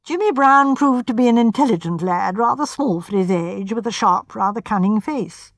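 A woman reading a classic mystery novel aloud with steady, measured narration. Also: a little high, no echo, studio quality. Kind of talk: audiobook narration.

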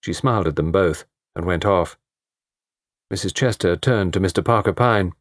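A man narrating a story in an expressive, varied storytelling delivery. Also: sits low, moderate pace, no room sound, studio quality. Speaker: audiobook narrator. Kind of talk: scripted narration.

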